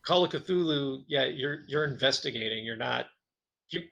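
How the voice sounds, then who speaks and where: Gravelly, husky man chatting casually. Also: medium pitch, normal speed. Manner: animated storytelling, laughs often. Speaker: podcast co-host. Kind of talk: casual chat about tabletop games.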